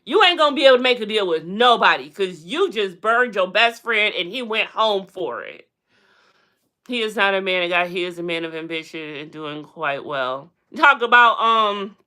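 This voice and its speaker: Sassy and blunt, this livestream host talks celebrity and reality TV gossip on a casual stream, shouting out to viewers with big swings in pitch. She sounds expressive and sharp, keeping a moderate pace.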